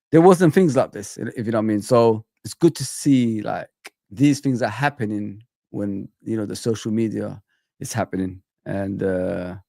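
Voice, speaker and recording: A man's voice: medium pitch, creaky, a little mellow, no echo, clean studio sound. A man hosting a live stream, chatting casually and mockingly about football clips and laughing. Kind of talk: casual live reaction chat.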